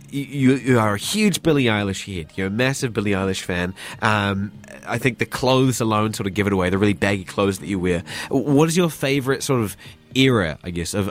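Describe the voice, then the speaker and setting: A man's voice: on the low side, moderate pace. A man hosting a casual radio interview, laid-back and slangy, talking into a studio microphone. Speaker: radio host.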